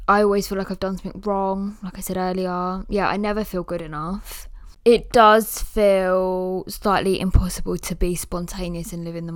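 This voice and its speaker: A young woman hosting her own podcast, talking candidly and rambling with many fillers, at times quiet and emotional. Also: medium pitch, no room sound. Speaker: podcast host. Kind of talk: personal podcast monologue.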